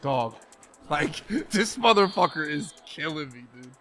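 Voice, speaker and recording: A young man streams a football video game, giving live commentary as he plays while swearing and venting frustration at the game. His voice sits on the high side, sharp in tone, with lively intonation and a measured pace.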